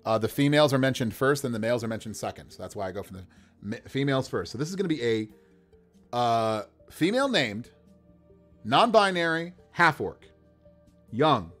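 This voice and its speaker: A man's voice: medium pitch, sing-song, moderate pace, fairly bright tone, faint music behind. A man running a casual livestream as game master, rolling dice to build characters, talking to viewers with enthusiasm and frequent laughter.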